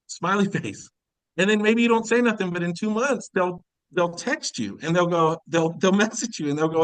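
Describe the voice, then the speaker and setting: A man's voice: sits high, a little fast, a bit bright, no echo, poor audio. A man giving a casual sales coaching talk on a video call, acting out quoted conversations and laughing often. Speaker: insurance sales leader. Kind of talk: casual recruiting training talk.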